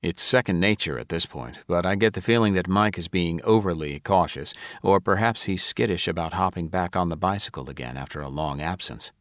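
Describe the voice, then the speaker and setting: A man narrating a first-person mystery audiobook in a measured, even storytelling manner. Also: low voice, no room sound, clean studio sound.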